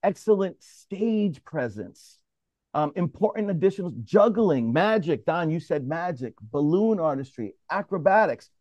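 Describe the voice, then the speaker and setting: A man from New York leading a mediators' roundtable in an animated, casual way, often restarting his sentences and calling on others by name. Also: on the high side, unhurried, no room sound, muffled recording. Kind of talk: casual discussion, moderating.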